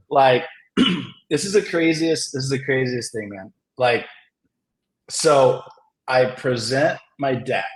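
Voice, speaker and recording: A man, a comic writer and guest, telling a story in a casual, rambling way, filling it with "like" and laughing often. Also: mid-range voice. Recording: roomy echo.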